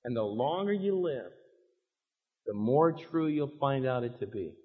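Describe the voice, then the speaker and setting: A man preaching voices a gentle, fatherly God who speaks softly and tenderly to his children. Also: mid-range voice, sing-song, unhurried, husky, pitched below the performer's own voice. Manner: soft, tender, pleading. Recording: reverberant hall, dull lo-fi sound.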